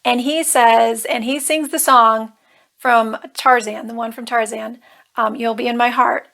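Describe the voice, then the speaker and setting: Earnest woman telling her story, higher voice. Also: fairly even intonation, a little slow, creaky, a bit bright. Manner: earnest, emotional retelling with nervous humor. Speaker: life coach. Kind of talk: personal storytelling vlog.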